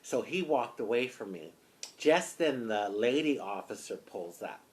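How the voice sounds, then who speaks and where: A woman from the United States telling a personal story in an animated, expressive way, often saying "honey". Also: a bass voice, measured pace. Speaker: vlogger.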